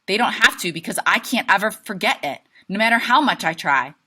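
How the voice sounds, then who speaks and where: A woman reading a desperate twelve-year-old boy's lines aloud, pitched high and loud as he screams and pleads. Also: expressive, brisk, slightly rough. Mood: pleading.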